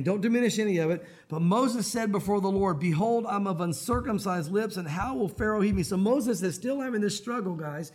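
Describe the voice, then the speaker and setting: A man delivers a sermon in a casual, conversational way. His voice sits high for a man, and he slips into acted quotes and swings between soft, slow emphasis and bright, lifted lines. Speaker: pastor.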